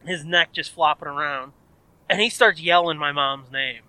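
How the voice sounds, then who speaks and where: A man's voice: on the high side, normal speed, sharp tone, clean tone, no room sound, poor audio. A man co-hosting a podcast, telling a long story in a rambling, profane way and acting out the people he quotes. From American Midwest. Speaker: podcast co-host. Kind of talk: casual chat, storytelling.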